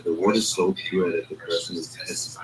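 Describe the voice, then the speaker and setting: A man's voice: low voice, steady tone, a little fast, background noise. A man hosting a casual chat, rambling and streetwise, talking in loose asides.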